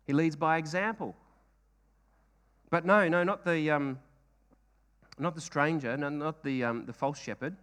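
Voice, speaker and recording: A man's voice: on the high side, a little slow, pauses often, fairly bright tone, smooth. A man preaching a sermon, earnest, with frequent rhetorical questions and repeated phrases.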